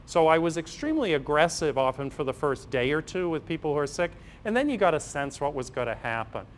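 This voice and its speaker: A man's voice: a little high, very animated, fairly quick, slight background noise. A middle-aged man, a priest and physician giving an anecdotal parish talk and acting out dialogues with humor. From Massachusetts, USA. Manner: storytelling, acts out dialogues with humor. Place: parish hall.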